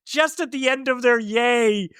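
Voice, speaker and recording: A man's voice: extremely high pitch, measured pace, fairly bright tone, smooth, dry recording, clean studio sound. A man co-hosting a podcast, chatting casually about a film, laughing often and restarting his sentences. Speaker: podcast co-host.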